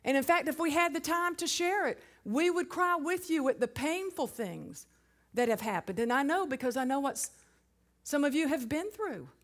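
A woman's voice: high voice, animated, normal speed. A woman preaching a sermon, emphatic and asking the congregation rhetorical questions.

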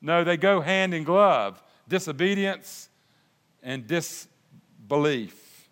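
An older man preaching a sermon, folksy and animated, with restarts and asides. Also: on the high side, slow pace. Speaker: pastor. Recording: long hall reverb.

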